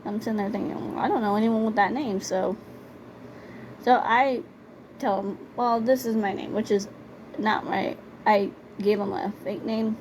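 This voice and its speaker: A woman's voice: medium pitch, fairly even intonation, normal speed, background noise. A young woman telling personal stories in a casual vlog, blunt and conversational, repeating words for emphasis. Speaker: storytime vlogger. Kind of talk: casual storytelling.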